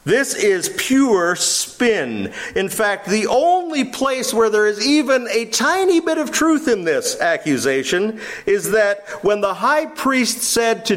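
A man preaching an expository sermon, animated and wry, with sarcastic asides and quotes acted out. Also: high voice. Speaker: pastor.

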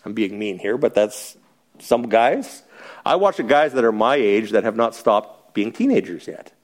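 A man's voice: lowish voice, lively intonation, normal speed. A middle-aged man as a pastor, teaching a Bible study in a conversational, joking way and asking the group questions.

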